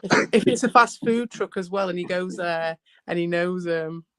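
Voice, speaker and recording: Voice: mid-range voice, moderate pace, a bit bright, smooth, no room sound. A co-host in casual chat who muses aloud and keeps asking follow-up questions. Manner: chatty, asks follow-up questions.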